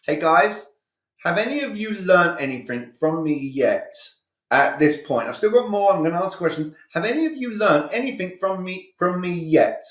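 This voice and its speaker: A man's voice: high voice, animated, moderate pace, reverberant. A male communication coach giving a live online sales training, talking energetically and with emphasis, acting out sales dialogues.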